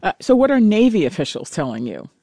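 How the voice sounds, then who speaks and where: A woman hosting a morning radio news show, asking brisk questions. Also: mid-range voice, very animated, vocal fry, dark tone, no room sound. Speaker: news host.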